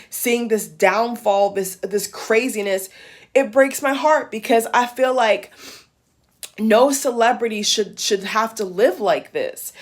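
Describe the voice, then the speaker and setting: A woman vlogger speaking with fierce conviction, her voice sitting slightly high. She hammers her points home by repeating them and cursing bluntly, in a fired-up commentary style. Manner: fiery, emphatic, repeats phrases for emphasis, swears. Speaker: YouTube commentator. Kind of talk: impassioned vlog commentary.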